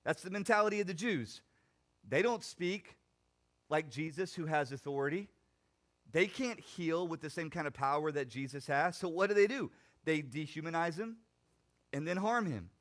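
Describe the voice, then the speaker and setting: Young man, pastor giving a sermon; animated preaching that swings from loud emphasis to soft reflection. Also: a little high, moderate pace. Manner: animated preaching, rising loud then dropping quiet.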